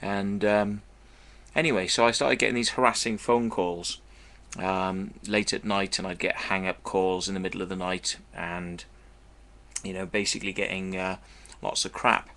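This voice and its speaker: Blunt vlogger, low bright voice, profane meandering storyteller. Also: male voice, level tone, moderate pace. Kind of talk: casual storytelling monologue.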